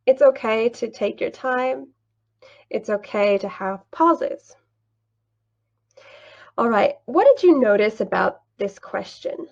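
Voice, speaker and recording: Slow, gravelly-voiced woman teaching online. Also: fairly high pitch, animated, a little mellow, muffled recording. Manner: slow, patient, with light laughs. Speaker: English teacher trainer. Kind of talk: screen-share tutorial, mock class.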